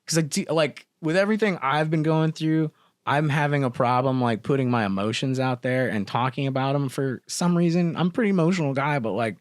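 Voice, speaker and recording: A man's voice: medium pitch, fairly quick, dry recording, clean studio sound. Swearing, emotional young man chatting. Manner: animated, swearing, emotional rambling. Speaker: podcast co-host. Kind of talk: casual chat.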